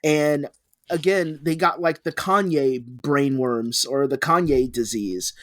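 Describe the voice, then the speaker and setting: Young guy rambling on a podcast, kinda higher voice, dry close sound. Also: slow, no room sound. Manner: rambling, restarts, laughs often. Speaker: podcast co-host. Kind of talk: casual chat.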